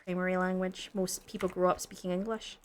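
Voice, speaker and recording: A woman from the Scottish Highlands with a Scottish accent, co-hosting a gaming video and chatting casually, rambling with lots of fillers and restarts. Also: level tone, a little fast. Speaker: gaming channel co-host. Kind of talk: casual chat while gaming.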